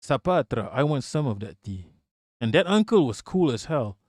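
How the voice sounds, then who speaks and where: A man from Malaysia hosting a livestream, telling stories in an animated, swearing, casual way. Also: medium pitch, moderate pace, dry recording, clean studio sound. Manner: animated, profane storytelling. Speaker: livestream host.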